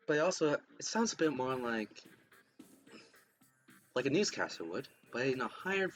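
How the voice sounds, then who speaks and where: Hesitant male streamer, lively pitch. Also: moderate pace, pauses often, soft background music. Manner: hesitant, with fillers and restarts. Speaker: streamer running a solo role-play. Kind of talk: live-streamed role-play narration.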